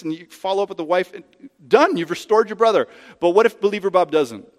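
A man preaches from the pulpit with a slightly high voice and a conversational, emphatic delivery. His words ring out with a long church-hall reverb. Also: fairly quick. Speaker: pastor. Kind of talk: sermon. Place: church sanctuary.

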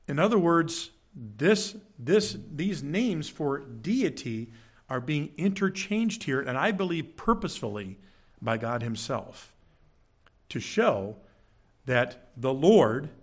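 A man preaching in a church, teaching from scripture with emphatic, animated delivery and frequent check-ins with the congregation. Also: a little high, slow pace, husky. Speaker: pastor. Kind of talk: sermon. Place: church sanctuary.

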